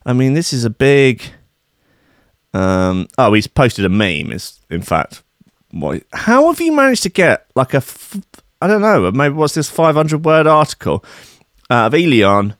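A man's voice: medium pitch, fairly bright tone, dry recording, clean studio sound. A man hosting a podcast, giving a sweary, rambling and sardonic comic rant about the news. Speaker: podcast host.

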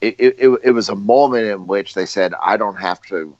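A man with a very low voice talks haltingly, restarting his sentences often. The recording is dry and dull, with no room sound. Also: darkish tone, no echo. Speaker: podcast co-host. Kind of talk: casual chat.

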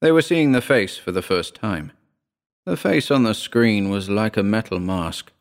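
A man reading a first-person story aloud in a wry, measured way. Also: fairly low pitch, lively intonation. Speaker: narrator.

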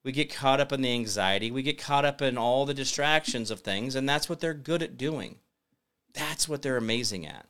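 A man's voice: mid-range voice, normal speed, fairly bright tone, clear, resonant tone. A man hosting a talk show, rambling in a folksy, preachy monologue to his viewers. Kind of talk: casual livestream monologue.

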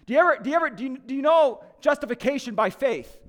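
A man doing a brisk, quizzing supervising angel. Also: very high voice, expressive, pitched above the performer's own voice. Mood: questioning. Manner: brisk, questioning. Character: stern male supervising angel quizzing a newcomer.

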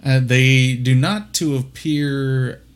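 A man running a tabletop game as game master, narrating in a relaxed way with many ums and restarts. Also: mid-range voice, takes it slowly, smooth.

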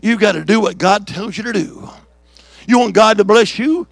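A man preaching a revival sermon as an evangelist in a church service, with rhythmic repeated declarations and shouted calls for the congregation to answer. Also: high voice, moderate pace, vocal fry, no room sound. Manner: fiery preaching with shouts and call-and-response.

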